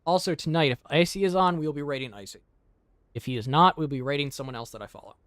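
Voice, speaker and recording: A man streaming a video game, talking casually to himself and his chat, jumping from mumbles to loud shouts. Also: fairly high pitch, fast, no room sound, clean studio sound. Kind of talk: casual gameplay commentary. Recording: game music playing behind the voice. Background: game music.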